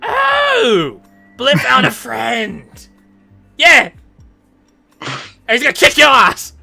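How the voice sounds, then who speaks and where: A man voicing a brash, excitable male goblin boss who shouts and taunts. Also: very high voice, drawn-out words, creaky, soft background music, pitched above the performer's own voice, heavily acted. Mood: taunting, boastful.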